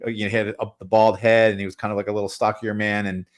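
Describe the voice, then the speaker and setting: A man co-hosting a casual interview, talking haltingly with restarts. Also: on the low side, level tone. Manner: halting, many restarts, backchannels. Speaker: podcast co-host. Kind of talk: casual chat.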